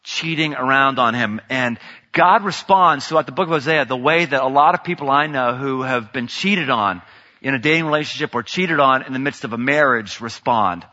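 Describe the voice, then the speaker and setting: A man preaching a sermon, swinging dramatically between loud outbursts and hushed, intimate lines. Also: medium pitch, moderate pace. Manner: dramatic, swings from shouting to near whisper. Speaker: pastor. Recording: dull sound in a large reverberant hall.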